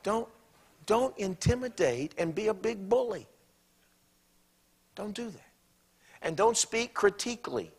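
A man preaching a sermon in a church, animated and bursting into acted-out quotes. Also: high-pitched, breathy edge.

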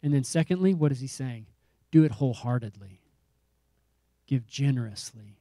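A male pastor preaches a sermon with emphatic, repetitive rhetoric that builds into rising calls. His medium-pitched voice is mellow, warm, and expressive at normal speed, recorded close and dry with no room sound.

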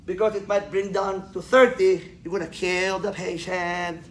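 High-voiced man lecturing and quizzing a class. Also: measured pace. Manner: lively, quizzing the class with questions; joking, laughs at his own jokes. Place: lecture room. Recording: echoey classroom with faint noise.

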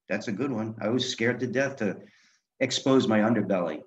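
Lively low-voiced man telling anecdotes. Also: a little fast. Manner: animated anecdotes, acting out quoted dialogue. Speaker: guest, author and film director. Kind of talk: storytelling in a podcast interview. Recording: dull lo-fi sound.

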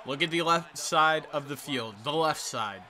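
A man giving excited, trash-talking commentary over his own football video game play. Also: on the high side, unhurried, noisy background. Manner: hyped, trash-talking, sing-song exclamations. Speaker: gaming YouTuber.

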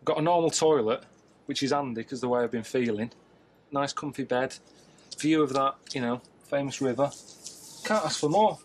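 A man giving deadpan, complaining travel commentary, sounding weary and self-deprecating. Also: medium pitch, normal speed, slight background noise, rough recording. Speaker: travel show subject.

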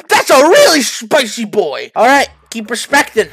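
A man hosting a comedic reaction video, talking to viewers as boys and fellas and breaking into yelps and shouts. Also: very high voice, huge pitch swings, a little slow, gravelly, husky, dry recording. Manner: hyped, jokey, bursts into yelps and shouts. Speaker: YouTuber.

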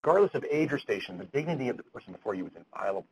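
A man's voice: medium pitch, very animated, rapid-fire, slightly rough, low-quality recording. A man lecturing physicians at grand rounds, retelling a story earnestly and often repeating words as he goes.

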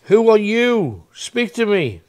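A man's voice: high voice, big pitch swings, slow. A man hosting a ghost hunt, persistently calling out questions to spirits inside an old building at night. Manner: persistent, questioning, coaxing then demanding. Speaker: paranormal investigator host.

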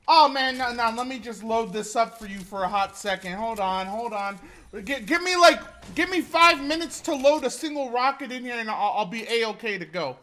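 A woman's voice: sits high, pushed and bright. A young woman giving casual commentary as she streams a game, swearing freely and laughing often. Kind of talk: casual live-stream commentary while gaming.

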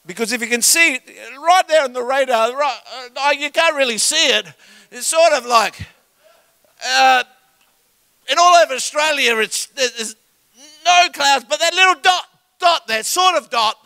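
A man preaching a sermon as a guest pastor in a church, animated and joking with the congregation. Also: very high voice, unhurried, creaky, no echo. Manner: animated, jokes with the congregation, acts out story voices. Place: church auditorium. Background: soft keyboard music.

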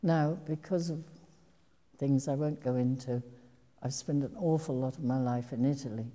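An older actress tells a long, meandering story to a live audience. Her voice sits low and dark and the pace is unhurried. The sound carries the long reverb of a large hall. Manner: meandering, reflective storytelling with restarts. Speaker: actress telling stories to an audience. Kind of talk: anecdotal public talk.

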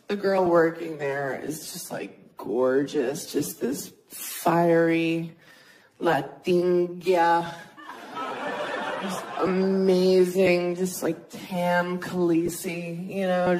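A woman in her thirties doing a self-mocking stand-up comedy set on a club stage, talking casually and jumping into high squeaky voices for the people she quotes. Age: 30s. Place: comedy club stage before a laughing audience. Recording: live club recording with crowd noise.

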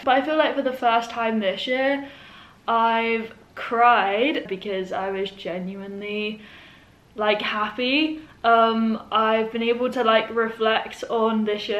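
A woman's voice: fairly high pitch, normal speed, a bit bright. Emotional young woman vlogging in an echoey room. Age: 20s. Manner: emotional, heartfelt, leans on "like" a lot. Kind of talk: reflective birthday vlog. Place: indoors at home.

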